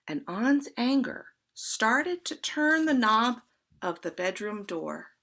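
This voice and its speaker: A woman reading a children's story aloud at a church service, expressive and speaking directly to her listeners. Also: mid-range voice, slow pace, gravelly.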